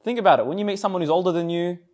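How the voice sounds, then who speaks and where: A young man gives a casual sermon to a student group. His voice sits a little high. He speaks conversationally, keeps checking in with his listeners through questions, and often repeats a word as he goes. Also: racing, a little mellow. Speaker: speaker at a student Islamic society talk.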